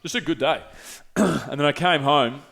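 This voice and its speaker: A man, hosting a podcast and telling a story casually, swearing often and dropping his voice low for emphasis. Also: a little slow, gravelly, fairly bright tone. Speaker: podcast host.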